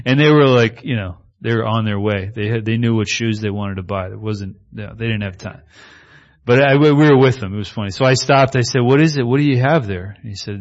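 A man preaching a sermon in a conversational style, moving between reading scripture and lively asides. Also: mid-range voice, a little fast. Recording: slightly muffled recording.

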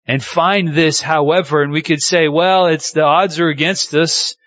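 A man's voice: fairly high pitch, steady tone, normal speed, a bit bright, no room sound, highs cut off. A man preaching a sermon, reading scripture aloud and building emphasis as he speaks. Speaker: pastor.

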